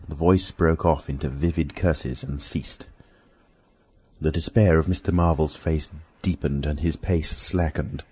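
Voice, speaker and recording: A man narrating an audiobook in a measured, steady storytelling manner. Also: a bass voice, breathy edge. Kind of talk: scripted narration.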